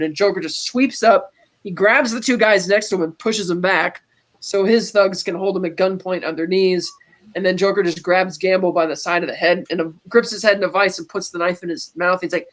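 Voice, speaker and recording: Woman, podcast host, casual film recap, animated retelling, acts out the quotes. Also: lowish voice, brisk.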